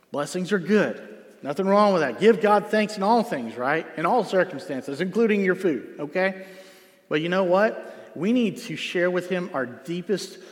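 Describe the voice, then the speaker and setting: A middle-aged man preaching a sermon in a church, earnest, moving from loud emphasis to hushed softness. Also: sits high. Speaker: pastor. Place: church sanctuary. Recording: long hall reverb.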